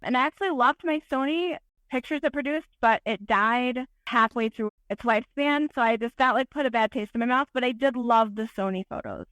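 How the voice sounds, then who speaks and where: A woman photographer, a podcast guest, telling an animated, self-deprecating story in casual interview talk. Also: a little high, fairly quick, hardly any pauses, no room sound.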